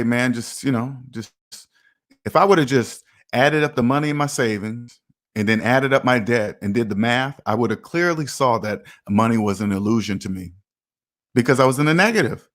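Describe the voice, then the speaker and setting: A middle-aged man talks straight to his viewers about money in a loose, casual monologue. He hammers on his points and repeats them, now and then slipping into little made-up street dialogues. His voice sits at an ordinary pitch for a man. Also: expressive, moderate pace. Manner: repetitive, emphatic, acts out imagined street conversations. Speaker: personal finance video host.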